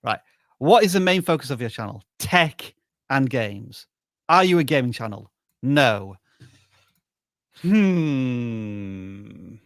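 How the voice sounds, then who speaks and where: A man's voice: mid-range voice, expressive, moderate pace, fairly bright tone, no echo, studio quality. A man co-hosting a live-stream of channel reviews, chatting in an easygoing, wry way. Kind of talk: casual live-stream banter.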